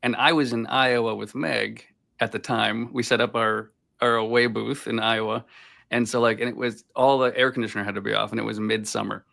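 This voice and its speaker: A man's voice: medium pitch, little pitch movement, fairly quick, vocal fry, bright, forceful tone. A man from Boston, a voice actor guest, telling rambling anecdotes in a casual interview over a video call. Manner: rambling anecdotes full of filler "like".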